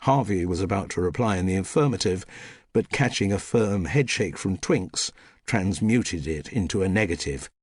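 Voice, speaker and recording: Male audiobook narrator, husky and dry, wry measured delivery with a lively pitch. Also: dry recording. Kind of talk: scripted narration.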